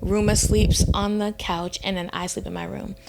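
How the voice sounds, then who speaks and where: A young woman co-hosting a podcast, telling a story in casual chat, animated and profane, her voice jumping high when she quotes herself. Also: normal speed, gravelly, a little hiss or hum. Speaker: podcast co-host.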